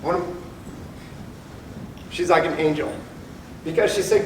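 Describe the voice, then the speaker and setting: A man's voice: on the high side, a little slow, a little hiss or hum. A man, a police officer, telling his own story candidly to an audience and acting out the people he quotes. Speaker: police officer giving a talk. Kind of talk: personal testimony to an audience. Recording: echoey hall, speaker far from mic, faint ambience.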